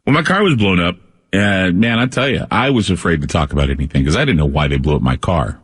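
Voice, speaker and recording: A man's voice: low-pitched, expressive, fast, slightly rough, in a large hall. A man hosting a radio talk show, telling a rambling personal story with many restarts.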